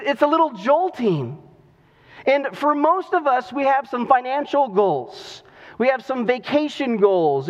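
A male pastor preaching a sermon with earnest storytelling and drawn-out emphasis on key words. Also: very high voice. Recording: dull recording with long hall reverb.

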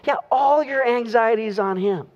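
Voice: mid-range voice, a little slow, long reverb tail, muffled recording. A pastor preaching a sermon in a conversational way, drawing out key phrases, recorded in a church sanctuary.

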